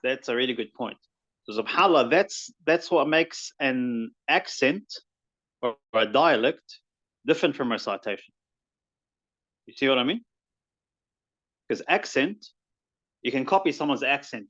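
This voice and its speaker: A man's voice: medium pitch, fairly bright tone, muffled recording. A man with a New Zealand accent teaching a tajweed class online in a casual, rambling way, now and then reciting Arabic verses. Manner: informal, rambling explanations with recited Arabic phrases.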